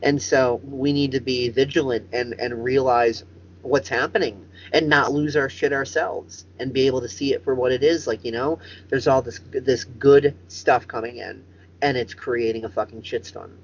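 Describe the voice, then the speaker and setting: A man's voice: medium pitch, fairly even intonation, normal speed, highs cut off, slight background noise. A man hosting a comedic chat show over a video call, rambling and swearing for emphasis. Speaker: host.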